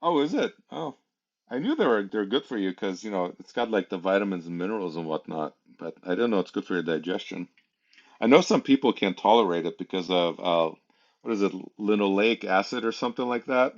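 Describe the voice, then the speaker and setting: Animated and a little fast, a man with a lowish voice rambles through a casual livestream chat. He laughs often, leans on many fillers, and the audio is dull and lo-fi.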